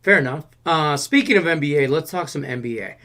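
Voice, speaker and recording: A man's voice: fairly high pitch, expressive, brisk, pushed and bright. Man reading chat on a betting stream. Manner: loose, joking, reads viewer questions aloud. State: out of breath. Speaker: show host reading chat. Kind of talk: casual sports betting livestream.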